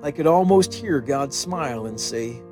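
A man's voice: medium pitch, expressive, normal speed, over music. An American man, a chaplain and author, narrating his own humorous memoir in a wry, self-deprecating way. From United States.

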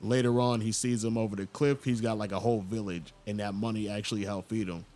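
A man hosting a casual podcast, retelling an anime scene in an animated, storytelling way. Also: quick pace. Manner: animated storyteller, jumps into loud high voices for quoted characters. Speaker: podcast host.

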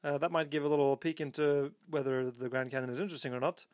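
Fast-talking deadpan man, dry close sound. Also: on the high side, no room sound. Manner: rambling, deadpan, self-correcting. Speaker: podcast co-host. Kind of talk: casual chat.

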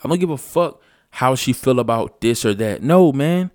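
A man's voice: mid-range voice, expressive, moderate pace, darkish tone, no room sound, studio quality. Blunt, profane man ranting. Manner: blunt, profane, emphatic and repetitive. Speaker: vlogger. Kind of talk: casual unscripted rant.

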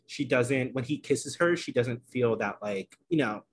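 Man, casual podcast chat, middle pitch, lively storytelling, lots of fillers. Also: measured pace, slightly rough. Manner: animated storytelling, many fillers. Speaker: podcast co-host. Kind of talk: casual chat recapping a reality show.

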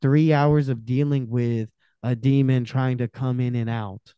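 Brief: male podcast guest, warm smooth voice, casual storytelling, animated and profane. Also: medium pitch, unhurried, dry recording. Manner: animated, profane, acts out quotes.

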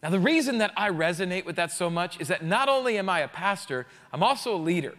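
Male pastor preaching, conversational and jokey, bright high voice, long hall reverb. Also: animated, fast. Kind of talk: sermon.

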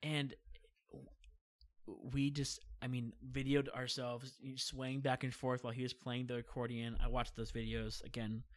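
Speaking at a moderate pace in a mid-range voice, this young guest keeps spinning his long travel tale, recorded dry. The retelling is rambling and animated, packed with fillers and acted-out quotes.

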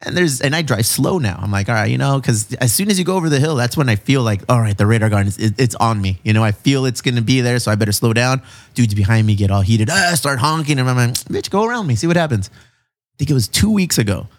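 A man hosting a casual chat, telling stories in an animated, profane way, full of slang. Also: medium pitch, fast talker. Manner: animated, profane storytelling with lots of "bro" and "dude". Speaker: podcast host.

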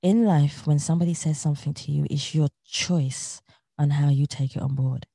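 Dark, gravelly woman giving earnest advice. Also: sits low, steady tone, normal speed, no room sound. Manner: earnest, motivational, repeats key phrases. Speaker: interview guest. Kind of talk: reflective interview talk.

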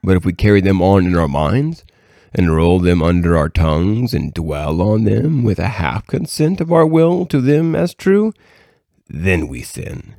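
A man reading aloud from a devotional book in a measured, earnest way. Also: low voice, lively intonation, creaky, dark tone, dry recording, clean studio sound. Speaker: reader.

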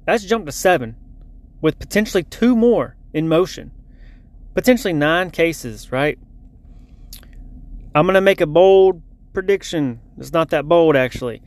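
A man's voice: fairly high pitch, lively intonation, measured pace, long pauses. A man giving a casual lunch-break sports update in a blunt, heated, profane rant.

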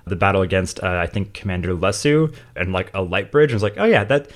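A man's voice: deep voice, expressive, quick pace. A man co-hosting a podcast, talking eagerly and rambling with many restarts. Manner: rambling, full of fillers and restarts, enthusiastic. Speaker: podcast co-host. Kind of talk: casual chat.

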